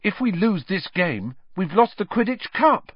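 A man's voice: sits high, big pitch swings, a little slow, slightly rough, no echo, voice pushed up, exaggerated voice. A man voicing a shaken but determined teenage boy wizard, earnest and tense, on a dull, dry audiobook recording.

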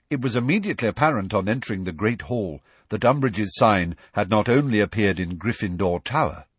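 A man narrating an audiobook in an expressive storybook reading style. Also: fairly low pitch, husky, dry recording. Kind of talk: scripted narration.

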